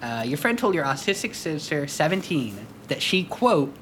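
A man's voice: fairly high pitch, big pitch swings, moderate pace, a bit bright, a little hiss or hum. A man co-hosting a comedy podcast, wry and drawling, reading listener questions aloud. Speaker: podcast co-host. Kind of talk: casual comedy chat.

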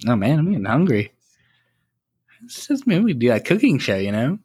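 A young man co-hosting a casual comedy podcast, trading dry jokes and trailing off into fillers. His pitch moves around a lot as he riffs, rising and dipping through each bit. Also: very animated, normal speed, a little mellow, breathy edge. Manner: dry, joking delivery with many fillers. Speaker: podcast co-host. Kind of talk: casual chat.

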